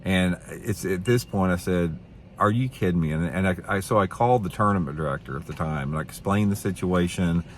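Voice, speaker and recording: A man's voice: sits low, fairly quick, hardly any pauses, slight background noise. A man hosting a fishing channel, telling a story in a casual, rambling way, often repeating himself and sounding indignant. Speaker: fishing show host.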